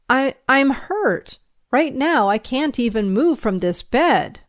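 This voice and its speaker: A woman's voice: high voice, big pitch swings, slow, no echo, clean studio sound, pitched above the performer's own voice, full character voice. A woman reading the part of a young male moonshiner in jail, pleading in a raised, strained voice. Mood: indignant.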